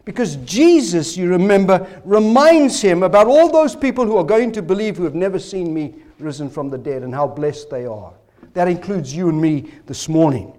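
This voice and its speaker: Hoarse male pastor, expository sermon, animated high delivery, keeps coughing. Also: normal speed. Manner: expository preaching with rhetorical questions, coughing. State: hoarse, voice failing.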